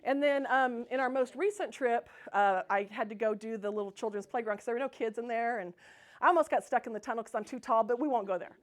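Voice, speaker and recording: A woman's voice: on the high side, fast. A woman giving a Sunday talk at a spiritual center, telling personal stories in a bubbly way and laughing often. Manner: bubbly, laughs often, acts out her own excited quotes. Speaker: guest speaker at a spiritual center.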